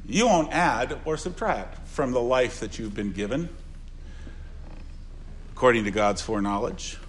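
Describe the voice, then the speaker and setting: An older male pastor delivers an earnest funeral sermon at a middling pitch. He repeats key phrases for weight, drops to quiet, low asides, then lifts his voice for emphasis. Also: a little slow, slight background noise.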